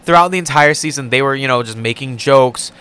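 A man co-hosting a podcast in casual chat, animated and swearing freely. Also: medium pitch, clean tone. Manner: animated, swearing, quick bursts. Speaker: podcast co-host.

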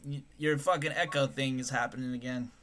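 A man's voice: medium pitch, steady tone, fairly quick, a bit bright. A man co-hosting a podcast in crude, joking casual chat, often breaking into laughter. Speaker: podcast co-host.

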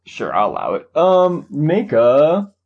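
Game master, animated pitch, relaxed and chuckling casual table talk. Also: slow pace, muffled recording, slight background noise.

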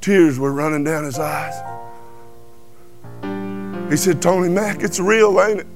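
A man with a drawl tells his life testimony in a folksy, animated way, slipping into the voices of the people he quotes. His voice sits a little high for a man. Soft music plays faintly behind him. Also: unhurried. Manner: animated storyteller who acts out quoted dialogue. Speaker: guest giving testimony. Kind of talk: folksy personal testimony storytelling. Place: truck cab.

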